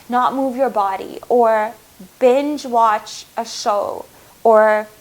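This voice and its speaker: A woman's voice: on the high side, extremely slow, poor audio. A woman giving a heartfelt spiritual tarot reading, earnest and reassuring, speaking to viewers as her loves. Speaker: tarot reader.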